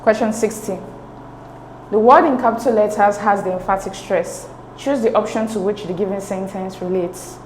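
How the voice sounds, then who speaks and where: A woman's voice: mid-range voice, normal speed, darkish tone, a little hiss or hum. Patient woman tutor in an echoey room. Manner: patient, explains step by step with checking "okay?" and "right?". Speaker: English exam tutor. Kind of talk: recorded exam-prep lesson.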